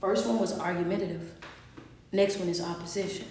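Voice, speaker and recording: A woman's voice: on the low side, steady tone, fairly quick, darkish tone. Roomy, distant woman preaching a Bible story. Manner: colloquial, conversational storytelling, acts out the story in first person. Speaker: motivational speaker. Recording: roomy echo, distant mic, faint background noise.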